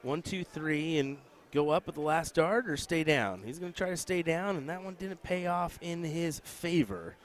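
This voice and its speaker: A man's voice: on the high side, steady tone, normal speed, hardly any pauses. Dry, teasing male darts commentator. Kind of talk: live sports commentary. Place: casino event hall.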